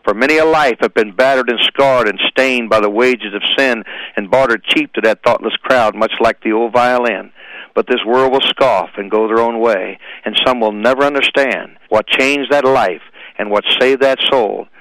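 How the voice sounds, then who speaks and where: A man's voice: mid-range voice, normal speed, fairly bright tone, no room sound, poor audio. A man reciting a patriotic poem and speaking with dramatic, preacherly delivery about faith and history. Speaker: speaker at high schools. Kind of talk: impassioned recitation and speech.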